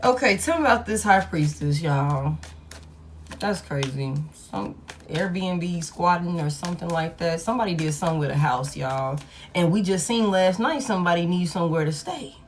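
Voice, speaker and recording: A woman giving a live tarot reading to her viewers, blunt and heavy with swearing, swinging between loud hype and low muttering. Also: animated, normal speed, a little hiss or hum. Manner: blunt, profane and emphatic. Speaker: tarot reader.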